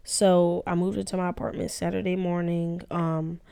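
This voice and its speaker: A woman's voice: fairly low pitch, little pitch movement, normal speed, creaky, mellow, clean tone. A young woman, casually telling a story to her viewers, cursing often and calling them y'all. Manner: profane, emphatic, addresses viewers as y'all. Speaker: vlogger.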